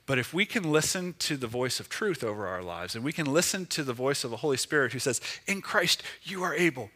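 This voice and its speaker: A man's voice: mid-range voice, sing-song, fast, a bit bright. A man preaching a sermon as pastor, speaking emphatically with repeated phrases.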